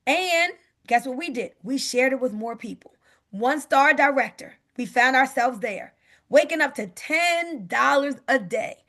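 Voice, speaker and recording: A woman making an upbeat sales pitch on a video call, often asking "guess what". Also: a bit bright.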